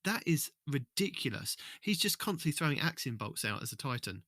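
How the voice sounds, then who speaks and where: A man co-hosting a gaming podcast, talking in a relaxed, slightly halting way. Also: mid-range voice, dry recording, clean studio sound. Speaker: podcast co-host. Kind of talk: casual gaming podcast chat.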